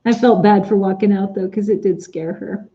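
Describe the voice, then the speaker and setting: This woman's medium-pitched voice is steady and dark, at a normal speed, with dull audio. While sewing at home on a live stream, the Etsy shop owner chats casually and replies to comments by viewers' names.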